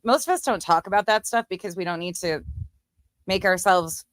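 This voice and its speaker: A woman's voice: lowish voice, moderate pace, fairly bright tone, no room sound. A woman commentator reacting to clips in a blunt, sarcastic, profane way. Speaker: commentary streamer. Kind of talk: casual commentary.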